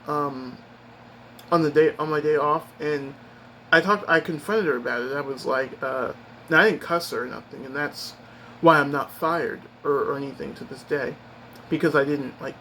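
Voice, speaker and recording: A man's voice: fairly high pitch, moderate pace, pushed and bright, a little hiss or hum, rough recording. A man vlogging, telling a personal story in a rambling, upset way with many restarts.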